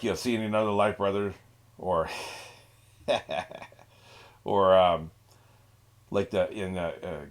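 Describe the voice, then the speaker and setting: A young man hosting an anime reaction, rambling in a laid-back way with frequent laughs and mocking asides. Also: low-pitched. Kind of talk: casual reaction commentary.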